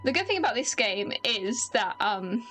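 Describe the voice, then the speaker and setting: British streamer, high-voiced, rambly and self-mocking, faint game music behind. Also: female voice, very animated, moderate pace, fairly bright tone. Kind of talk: casual gameplay commentary.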